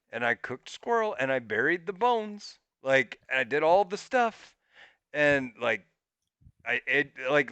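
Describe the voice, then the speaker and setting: Animated man telling a story, bright voice. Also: smooth, dry recording. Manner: animated, swearing, jumps into squeaky high pitch when quoting himself. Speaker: podcast co-host. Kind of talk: casual storytelling.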